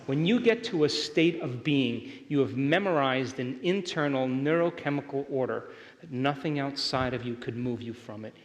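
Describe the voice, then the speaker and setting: A man's voice: mid-range voice, moderate pace. A man giving a motivational workshop lecture to a live audience, speaking emphatically and often asking whether the listeners are still with him. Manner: emphatic, keeps checking in with the audience. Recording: long hall reverb.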